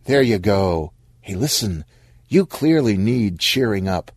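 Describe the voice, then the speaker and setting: A man's voice: fairly low pitch, animated, a little slow, a little mellow, dry recording, studio quality. A man voicing a breezy, dismissive woman venture capitalist.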